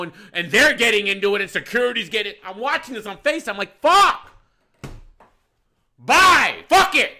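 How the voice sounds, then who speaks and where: Man, young adult, bar manager, very bright voice, profane storytelling, from muttering to shouting. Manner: swings from low mutters to loud outbursts.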